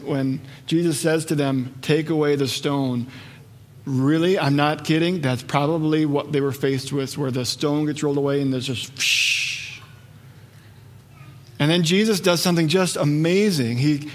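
Pastor preaching in an echoey hall. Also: male voice, a little high. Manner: lively storytelling, acts out voices. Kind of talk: sermon. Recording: long reverb of a large hall.

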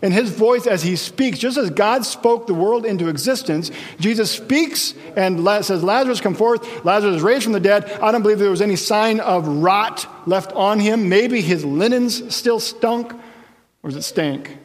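Animated male pastor in a reverberant hall. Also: high voice, moderate pace, few pauses. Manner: animated storytelling with asides and jokes. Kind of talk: sermon.

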